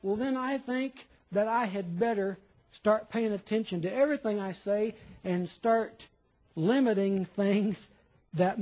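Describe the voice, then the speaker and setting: Casting: high-pitched male preacher, sermon delivery, rhetorical questions, acts out imagined listeners. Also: a little mellow, poor audio. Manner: questioning, quotes imagined listeners in shifting voices.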